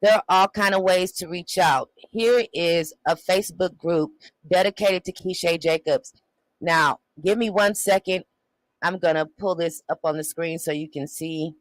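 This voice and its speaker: A man's voice: sits high, steady tone, normal speed, no echo, poor audio. A man in his forties hosting a show, making emotional, preacher-like appeals to his viewers. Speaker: show host. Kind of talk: livestream commentary.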